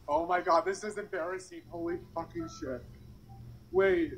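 Young male vlogger, high voice, nervous and flustered, swearing and rambling outside by a fountain. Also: steady tone, a little fast, fairly bright tone, slight background noise, poor audio. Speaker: vlogger doing a dare. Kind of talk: casual vlog to camera. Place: outdoors by a public fountain.

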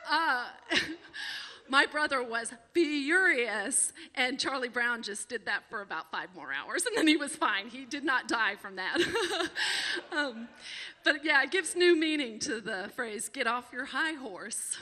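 A woman in her forties telling a personal story on stage to a small live audience, animated and often laughing. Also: high-pitched, unhurried, big-room sound. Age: 40s.

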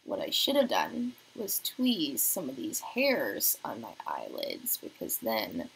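A young woman hosting a beauty livestream from her apartment, chatting casually while doing her makeup and reading viewer comments aloud, sometimes dropping to a soft murmur. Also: rumbling low, huge pitch swings, takes it slowly, gravelly, breathy edge, low-quality recording. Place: home apartment.

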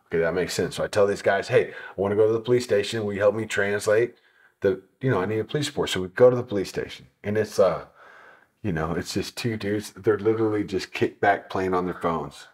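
A man telling a travel story in a casual sit-down interview, animated and swearing, acting out what people said. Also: on the low side. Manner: animated, swearing, acts out quotes. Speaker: motorcycle traveler telling his trip.

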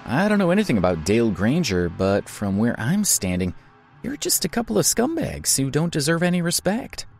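A man voicing a calm young hero who speaks coolly and cuttingly. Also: mid-range voice, moderate pace, vocal fry, soft background music, voice pushed up. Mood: mocking.

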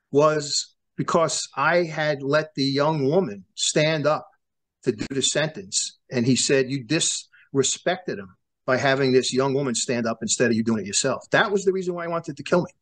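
Sitting for an interview, this guest, once a prosecutor, spins lengthy tales in a fairly high voice at normal speed. He performs the quoted dialogue of each character with lots of energy and frequently starts his sentences over.

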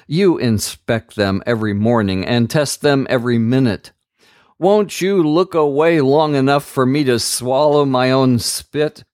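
A man hosting a daily Bible reading podcast, reading scripture aloud in a slow, measured, earnest way and adding a short devotional comment. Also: medium pitch, darkish tone, no room sound, studio quality.

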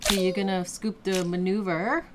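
A woman's voice: medium pitch, fairly even intonation, normal speed. A young adult woman playing a game with her child, coaching and cheering her on in casual chat. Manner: coaching, encouraging, exclaiming. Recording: loud background noise.

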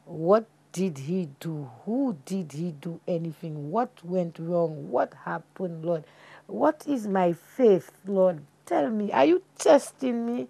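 A woman's voice: lowish voice, lively intonation, slow, vocal fry, warm tone. A woman with a Saint Lucian accent giving an emotional interview about losing her husband, in creole-inflected English. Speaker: widow interviewee. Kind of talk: emotional testimony.

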